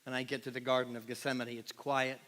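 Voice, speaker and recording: A man preaching a passionate sermon to his congregation, swinging from loud emphatic peaks to quiet, hushed lines and often asking the room questions. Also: mid-range voice, level tone, quick pace. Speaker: pastor. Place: large church sanctuary. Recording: long hall reverb.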